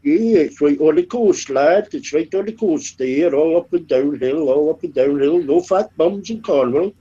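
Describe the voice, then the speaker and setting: Banter guest: a man with a mellow voice, teasing and swearing, heard through dull lo-fi audio. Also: a little high, lively intonation, moderate pace, husky. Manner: teasing, swears freely, says "lad". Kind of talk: casual livestream banter.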